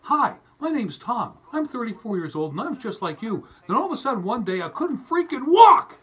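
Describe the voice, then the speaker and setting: An overly chipper online sales pitchman, put on by a man, with a bright, slightly husky tone and a lively, bouncing delivery. He sounds cheerful and eager to sell. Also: a little fast, full character voice, rough recording. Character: male marketing video pitchman, overly chipper.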